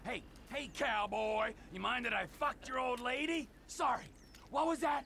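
An actor playing a volatile, unhinged middle-aged criminal in a video game, with a gravelly voice that swings between mocking menace and shouting. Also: male voice, extremely high pitch, normal speed, a little hiss or hum, full character voice. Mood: taunting.

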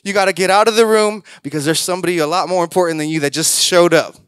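A man preaches in a high, lively voice, shifting into quoted voices and then building to loud exhortations. The sound is close and dry, with almost no room around him. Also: quick pace, clear, resonant tone, no echo. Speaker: pastor. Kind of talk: sermon.

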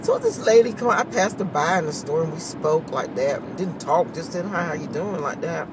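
A chatty woman, talking to her viewers in a lively, swooping voice and laughing often. She sounds a bit far from the phone mic. A steady noise runs behind her. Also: deep voice, moderate pace. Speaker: vlogger. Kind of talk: casual morning chat to viewers.

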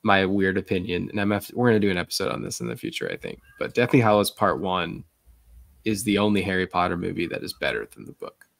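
Man, podcast co-host, casual chat, very low voice, gravelly, wry sarcastic asides. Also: sing-song, fast, fairly bright tone, no room sound. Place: remote call.

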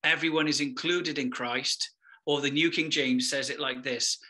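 A man teaching a spiritual session, exuberant with sudden whoops, then slowing into a soft voice to guide breathing. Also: on the high side, fairly even intonation, slight background noise. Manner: drops to a soft, slow guiding voice in meditation. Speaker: Christian teacher.

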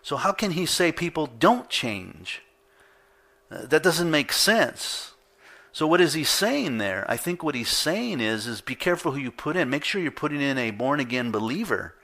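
Speaking at a medium pitch, a male pastor gives a chatty sermon full of rhetorical questions and repeated points. His tone comes across creaky and sharp.

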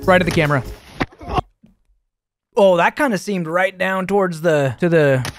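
A young man reacting to memes in an excitable, slangy way, often slipping into silly voices. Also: sits high, normal speed. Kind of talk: casual reaction commentary. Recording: music playing behind.

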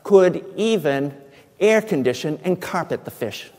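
A man preaching a sermon slowly and emphatically, letting his voice drop softly on key phrases. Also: fairly high pitch, expressive. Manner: slow, emphatic preaching with soft dramatic drops. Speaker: pastor. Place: church sanctuary. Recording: church sermon with long hall reverb.

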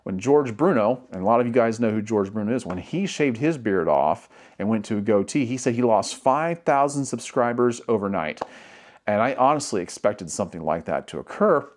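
A man's voice: lowish voice, expressive, normal speed. A man chatting to his viewers as a vlogger, telling a story in a rambling way with restarts and small laughs. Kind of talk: casual storytelling to camera.

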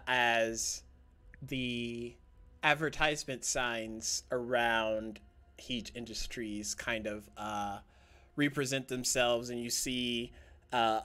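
A man leads a tabletop role-playing game as its game master. He narrates slowly, pausing often with hesitant fillers as he sets the scene. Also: medium pitch, sharp tone.

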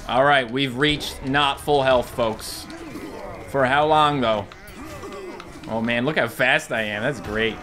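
A man in his thirties giving excitable, jokey let's-play commentary, talking to enemies and viewers. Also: mid-range voice, takes it slowly, faint music behind. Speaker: gaming YouTuber.

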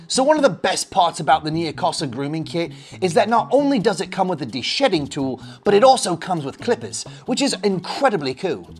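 A man hosts a casual home vlog about his dog, reviewing a product in a joking, playful way. His pitch leaps around with lively swings as he talks. Soft music plays faintly underneath. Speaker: dog channel host.

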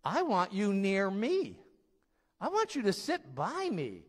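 A man acting out a loving, jolly older nun who teaches a class, speaking in a gentle, coaxing way. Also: high-pitched, wildly swooping pitch, slow pace, in a large hall, full character voice. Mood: loving, encouraging.

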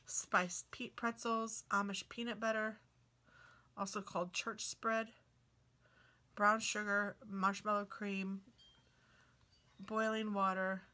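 A woman flips through a cookbook, reading out recipe names in a casual, chatty way and reacting with delighted exclamations. Her voice is bright and forward, at a middle pitch for a woman. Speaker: craft and book video host.

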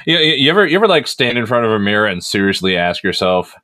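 A man's voice: fairly low pitch, sing-song, fast talker, pushed and bright, dry recording. A man hosting a casual commentary podcast, a rambling storyteller full of fillers who laughs often. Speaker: podcast host.

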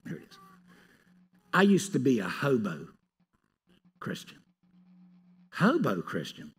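A man preaching a sermon as pastor, with an animated delivery that swings from hushed asides to loud pleading. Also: medium pitch, slow, breathy edge. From North Carolina.

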